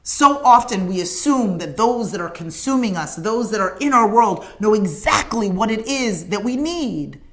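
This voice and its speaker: A woman's voice: medium pitch, animated, moderate pace, few pauses. A woman hosting a morning show, giving an emphatic, preacher-like motivational message with conversational asides.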